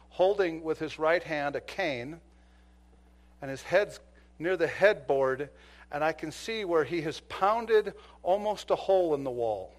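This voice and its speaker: A man in his fifties preaching a sermon, telling a story from his police days and acting out the dialogue, swinging from loud bursts to near-whispers. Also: on the high side. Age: 50s. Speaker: preacher and former police officer.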